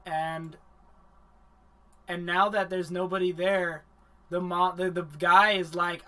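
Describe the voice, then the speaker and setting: A man hosting a livestream anime review, recapping the plot in a rambling, profane, animated way. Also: high voice, slow pace, long pauses.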